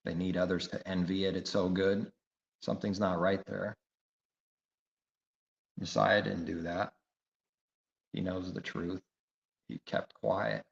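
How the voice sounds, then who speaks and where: A man's voice: sits low, flat delivery, slow pace, vocal fry, long pauses. A man preaching a sermon, emphatic and repetitive, firing rhetorical questions. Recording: echoey room, dull lo-fi sound.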